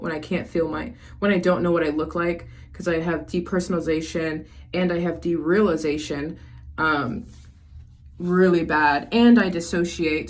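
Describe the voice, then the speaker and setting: A young adult woman talking to camera in a casual confessional vlog, rambling with lots of fillers and restarts. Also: low voice.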